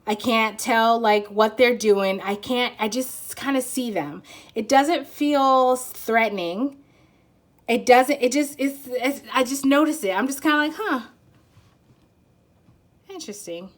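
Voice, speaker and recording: A woman's voice: fairly high pitch, a little slow. A woman giving a casual pick-a-card tarot reading, rambling and giggly as she searches for words.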